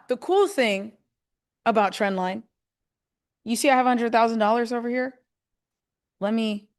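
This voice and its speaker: Female stream host, mid-range voice, casual and excitable, narrates her own trades live. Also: medium pitch. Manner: chatty and excitable, talks herself through each step. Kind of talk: live trading demo, talking to viewers.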